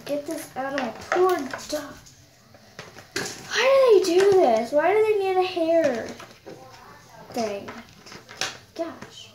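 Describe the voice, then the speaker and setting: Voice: very high-pitched, very animated, takes it slowly, pauses often. A young girl chatting casually to viewers while she unboxes a toy, talking aloud as she fusses with the packaging. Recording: echoey room with background noise.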